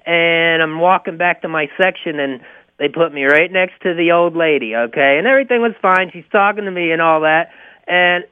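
A man's voice: a little high, normal speed, clear, resonant tone, no room sound, phone-quality sound. A man with a pronounced twang, calling in by phone to tell a story. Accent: Southern US twang. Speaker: caller. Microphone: rotary phone.

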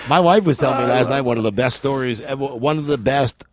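A man's voice: medium pitch, fast, few pauses, no echo. Brief: male radio host, casual storytelling banter, dry studio voice. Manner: storytelling, joking.

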